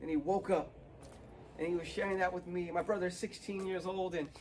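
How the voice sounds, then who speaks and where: High-voiced young preacher, earnest. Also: male voice, fairly even intonation, fairly quick, a little mellow, rough recording. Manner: earnest, builds to fervent emphasis. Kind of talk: sermon. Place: outdoors. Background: dog barking, wind.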